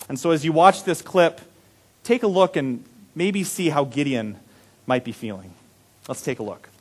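Animated higher-voiced male preacher. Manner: animated, chuckling, drops to soft low tones. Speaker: pastor. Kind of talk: sermon.

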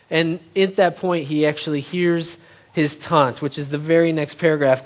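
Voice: medium pitch, steady tone, a little fast. A preacher giving a sermon, retelling a scripture story in plain everyday terms and asking the audience rhetorical questions.

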